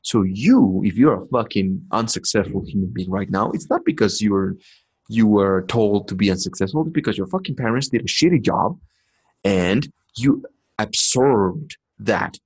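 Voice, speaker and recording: A man's voice: lowish voice, expressive, normal speed, slightly rough. A man hosting a podcast, delivering a blunt, swearing, intense motivational monologue. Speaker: podcast host.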